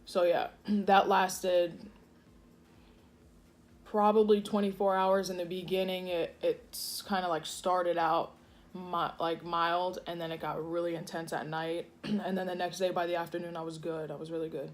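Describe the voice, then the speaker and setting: A woman's voice: on the low side, little pitch movement, a little slow. A woman vlogger chatting casually while eating at home, rambling with many fillers and restarts. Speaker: food vlogger. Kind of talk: casual eating vlog chat. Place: home kitchen.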